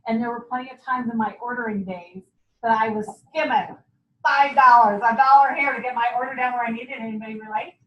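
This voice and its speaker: A woman giving a lively, chatty sales training talk to a group, laughing often and acting out what customers say. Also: fairly high pitch, quick pace. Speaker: guest speaker. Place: meeting room. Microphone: far from the mic. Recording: echoey, dull, distant room recording.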